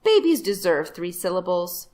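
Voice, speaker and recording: A woman's voice: lowish voice, very animated, moderate pace, darkish tone. A woman voicing a young girl who is fond of fancy names, speaking in a small, hesitant voice. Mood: wistful.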